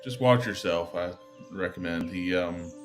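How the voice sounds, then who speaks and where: A man's voice: deep voice, measured pace, over music. A man voicing a young man with a put-on Southern US drawl, sending a casual warning in a tabletop game. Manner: drawling, casual, says y'all.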